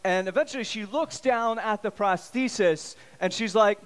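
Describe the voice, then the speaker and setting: A man in his thirties doing stand-up comedy, telling stories in an animated way and acting out the voices of the people in them. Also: sits high, moderate pace, slight background noise. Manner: animated, acts out quoted voices.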